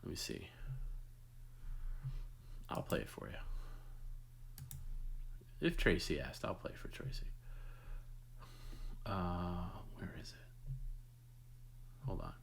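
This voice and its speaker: A man's voice: low-pitched, lively intonation, slow pace, creaky, long pauses, slight background noise. A man hosting a live stream, chatting casually and rambling with many restarts. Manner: rambling, repeats himself, restarts. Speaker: host.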